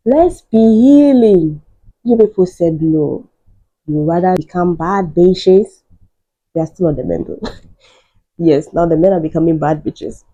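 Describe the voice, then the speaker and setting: Woman podcast host, opinionated and teasing; low, slow, mellow voice. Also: husky, dull audio. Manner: animated, mocking, laughs often. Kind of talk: storytelling and opinionated commentary.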